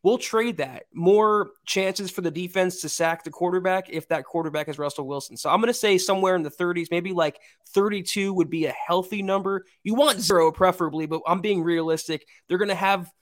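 A man's voice: high-pitched, a little fast, hardly any pauses, no echo, studio quality. A man hosting a sports podcast, chatting casually and running through upbeat sign-off plugs. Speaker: podcast host.

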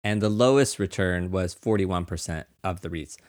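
Chatty low-voiced man hosting a podcast. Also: normal speed. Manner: chatty, laughs often, self-mocking. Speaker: podcast host. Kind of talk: casual chat.

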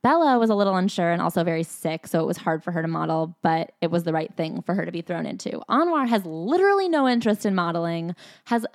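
Wry low-voiced woman podcast co-host. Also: sing-song, quick pace, no room sound, clean studio sound. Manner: wry, storytelling recap with sarcastic asides. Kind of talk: casual chat recapping a book.

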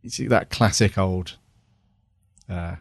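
A man with a fairly low voice, chatting loosely on a podcast and circling back with plenty of "you know"s. The sound is dry and close, with no room around it. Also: slow pace, husky, no echo. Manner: rambling, lots of "you know". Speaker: podcast co-host. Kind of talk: casual review chat.

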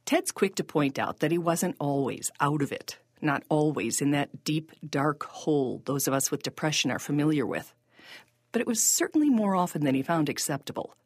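A woman narrating a podcast in a scripted, measured and reflective style. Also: low voice, animated, husky, no room sound, clean studio sound.

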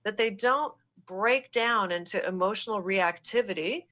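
A woman's voice: medium pitch, bright, forceful tone. A woman executive consultant answering questions in a business podcast interview, explaining in an affirming way. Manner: affirming, explanatory, quick repeated yeses.

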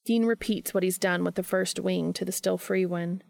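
A woman reading a story aloud in an unhurried, soft, intimate narration. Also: lowish voice, steady tone, gravelly, no echo. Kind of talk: scripted audiobook narration.

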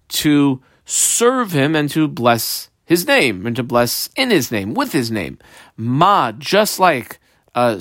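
A man leads a Talmud study lesson, his pitch rising and falling widely as he sing-songs the text. He slows on each phrase, then rushes through a chatty English explanation. The recording is close and dry. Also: fairly bright tone, no room sound. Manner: reads Aramaic phrases slowly and sing-song, then translates quickly in English; conversational explaining with fillers. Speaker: Talmud teacher.

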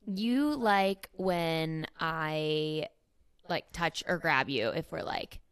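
Low-voiced chatty woman, dry sound. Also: drawn-out words, clean tone, dry recording. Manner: affectionate, chatty, many likes and fillers. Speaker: podcast co-host. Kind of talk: casual chat.

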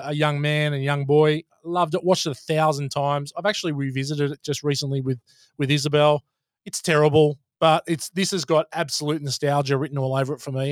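A man's voice: a little high, no echo, studio quality. A man hosting a casual movie podcast, enthusiastic and steering the segments. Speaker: podcast host.

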